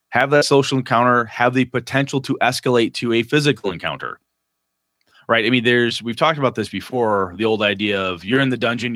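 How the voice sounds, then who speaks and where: A man co-hosting a casual chat about running tabletop games, animated and slipping into quick character voices. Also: lowish voice, no echo, studio quality. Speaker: game master podcast co-host.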